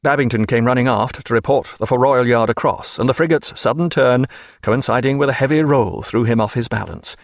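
A man reading a naval novel aloud as an audiobook narrator, measured and steady. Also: mid-range voice, no echo, clean studio sound. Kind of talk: scripted narration.

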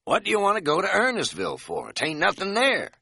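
A man's voice: sits high, wildly swooping pitch, a little fast, gravelly, sharp tone, breathy edge, no echo, studio quality, voice pushed up, full character voice. A man voicing a surly, suspicious cab driver who talks in a curt, demanding way.

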